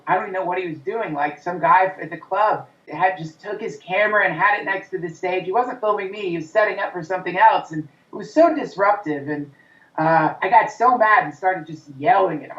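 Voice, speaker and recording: A man's voice: sits high, fairly bright tone. A man talking as a comedian guest in an interview, in an intense, profane rant, sometimes acting out the voice of his inner critic. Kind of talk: interview conversation. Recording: roomy, distant, dull sound.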